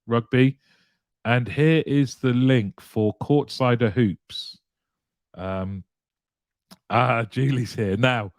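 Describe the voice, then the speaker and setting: A man's voice: mid-range voice, a little mellow, dry recording, studio quality. A man hosting a casual live show, greeting viewers one by one and laughing lightly as he chats. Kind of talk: casual live-stream chat, reading viewer comments aloud.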